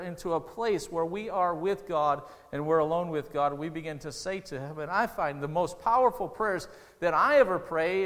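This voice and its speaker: A man preaches a sermon, earnest and conversational, pushing up into emotional peaks. His voice sits a little high for a man. It rings with the long reverb of a church hall. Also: fairly bright tone. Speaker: pastor.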